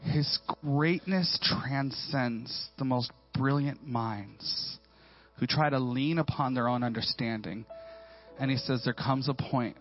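A man in his forties preaches in a church, dropping to a near hush and then climbing loud as he tells his stories with playful, slangy asides. The sound is dull and lo-fi, with faint music underneath. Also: medium pitch, takes it slowly. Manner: animated storytelling, swinging from hushed to loud. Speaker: pastor. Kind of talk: sermon.

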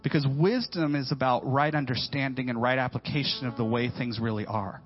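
A man in his forties preaches in a church, dropping to a near hush and then climbing loud as he tells his stories with playful, slangy asides. The sound is dull and lo-fi, with faint music underneath. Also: mid-range voice, brisk. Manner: animated storytelling, swinging from hushed to loud. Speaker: pastor. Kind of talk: sermon.

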